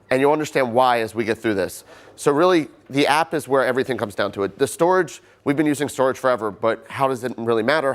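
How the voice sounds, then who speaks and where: A man, a sales engineer, giving a product presentation in a relaxed, conversational way, often saying "kinda". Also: mid-range voice. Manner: casual, loose wording with frequent 'kinda'.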